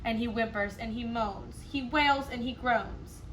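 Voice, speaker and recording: A woman kindergarten teacher reading a picture book aloud, expressive, with playful asides to the children. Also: fairly high pitch, unhurried, slight background noise. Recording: echoey room.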